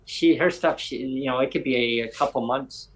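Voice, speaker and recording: A man hosts a casual podcast chat and tells a story at length. He slips into other people's voices as he quotes them. His voice sits at an ordinary middle pitch. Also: moderate pace, low-quality recording. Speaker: podcast host.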